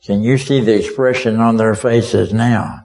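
Slow-paced male preacher telling a story. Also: fairly low pitch, fairly even intonation, vocal fry, a little mellow, soft background music, low-quality recording. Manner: vivid, exclaiming, addresses listeners directly; speaks as a witness in the crowd. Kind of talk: dramatic sermon storytelling.

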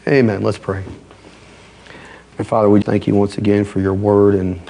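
A man's voice: lowish voice, level tone, unhurried, vocal fry, dark tone, a little hiss or hum. A male pastor delivering a sermon in an emphatic, conversational way.

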